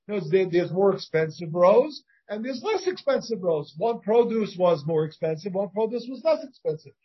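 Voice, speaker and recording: Husky-voiced rabbi teaching a Talmud class. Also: male voice, high-pitched, expressive, a little fast, hardly any pauses, dull audio. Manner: thinks aloud, with many restarts and questions to the students. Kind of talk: informal Talmud study lesson. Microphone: shared class recording, partly over a video call.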